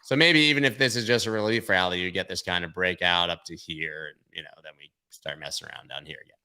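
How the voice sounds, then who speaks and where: Male host, low pitch, bright forceful tone, loose joking market commentary. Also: fast, clear, resonant tone. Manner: loose, joking, rambling, with asides. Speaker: host of a crypto market livestream.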